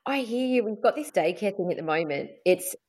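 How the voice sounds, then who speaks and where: A woman hosting a podcast, telling lively stories and acting out scenes, often laughing. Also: medium pitch, a little fast. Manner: animated storyteller, acts out scenes, laughs. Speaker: podcast host. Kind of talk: casual chat.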